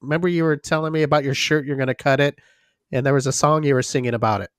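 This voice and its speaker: A man hosting a casual interview show, excitable and quick with playful exclamations. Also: mid-range voice, clear, resonant tone, no room sound, studio quality. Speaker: host.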